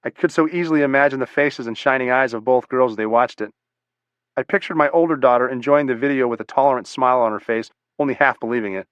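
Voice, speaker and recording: A man reads a first-person memoir at a steady, measured pace, plain and matter-of-fact, his voice at an ordinary middle pitch. The recording is dull and bone-dry. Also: clean tone, no echo. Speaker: audiobook narrator.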